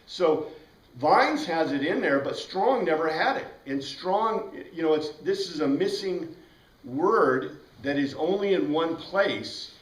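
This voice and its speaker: A man with a fairly high voice leads a Bible class in a loose, rambling way, now and then spelling out words letter by letter. He is recorded from some distance, so the sound carries the echo of a roomy classroom. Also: expressive, slow. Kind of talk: informal classroom lecture.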